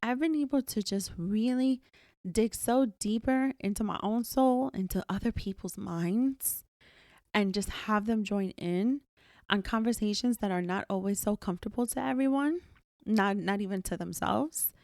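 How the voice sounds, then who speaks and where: A woman's voice: mid-range voice, normal speed, darkish tone, dry recording, clean studio sound. A woman hosting her own podcast alone, talking candidly and emphatically and swearing freely. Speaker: podcast host. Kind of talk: solo podcast monologue.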